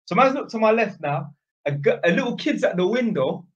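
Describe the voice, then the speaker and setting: A man's voice: high voice, expressive, fairly quick, muffled recording. A man vlogging, telling a story in a rambling, slangy way and tagging lines with "innit". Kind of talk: casual storytelling.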